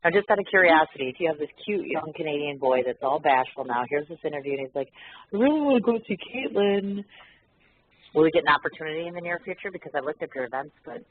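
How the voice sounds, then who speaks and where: Chatty teasing guy hosting an interview, fast and bouncy, sounds like a tinny phone line. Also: fairly high pitch. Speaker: interview host. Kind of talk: casual chat.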